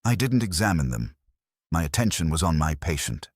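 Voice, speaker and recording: A man voicing a hesitant middle-aged male doctor who speaks haltingly. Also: rumbling low, big pitch swings, husky, no room sound, clean studio sound, full character voice.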